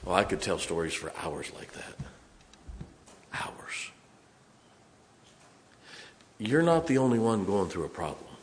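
A man preaching a sermon as pastor, telling stories from the pulpit and breaking into song and shouts. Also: low voice, very animated, brisk, few pauses, big-room sound, slight background noise. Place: church sanctuary.

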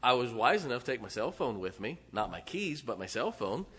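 A middle-aged man, a pastor telling a folksy, animated story to his congregation with laughs and asides. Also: mid-range voice, fairly quick, husky. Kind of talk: storytelling sermon. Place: church sanctuary.

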